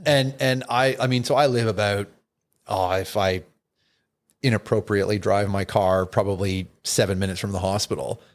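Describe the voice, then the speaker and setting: Low-voiced doctor chatting easily. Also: male voice, steady tone, normal speed. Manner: laid-back, explains with frequent restarts and fillers. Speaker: doctor, podcast guest. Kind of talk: casual podcast chat.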